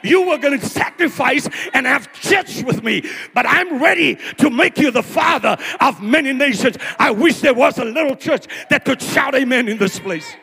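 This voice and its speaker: A high-voiced man in his fifties preaches with passion, his tone gravelly and husky. A long church reverb trails each phrase. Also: expressive, normal speed, hardly any pauses, pushed and bright. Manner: impassioned preaching, voices God's words in quotes. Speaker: pastor. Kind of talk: sermon.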